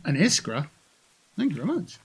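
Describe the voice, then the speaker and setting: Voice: medium pitch, sing-song, normal speed, breathy edge. Streamer muttering and joking through a game, swears a lot, voice bounces up and down. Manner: chatty, profane, jokey self-talk while looting. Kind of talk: casual gameplay commentary.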